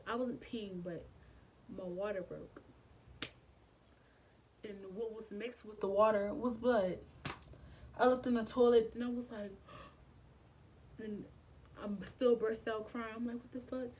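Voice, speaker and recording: A woman's voice: mid-range voice, fairly even intonation, unhurried, pauses often, a little mellow, distant mic, a little hiss or hum, rough recording. Emotional young woman telling a story. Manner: casual, emotional retelling with frequent swearing and slang. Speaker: vlogger. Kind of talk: storytime vlog.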